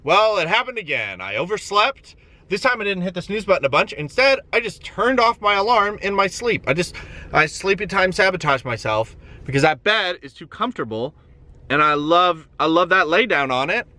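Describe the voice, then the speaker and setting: A man's voice: sits high, lively intonation, moderate pace, bright, forceful tone. A man in his twenties, a comedian vlogging in a self-mocking way with sudden melodramatic wails. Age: 20s. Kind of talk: comedic vlog monologue. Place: inside a van.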